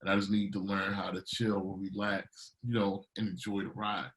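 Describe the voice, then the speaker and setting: A middle-aged Baltimore DJ and producer talks casually in an interview, his voice low and moderately paced. He tells energetic stories and acts out what people said, captured on a low-quality recording.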